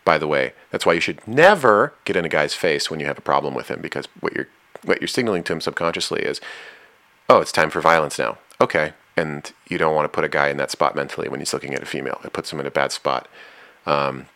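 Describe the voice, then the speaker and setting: A man's voice: extremely low pitch, fast, gravelly, a bit bright. A man hosting a relationship advice talk, speaking frankly and directly in a casual way.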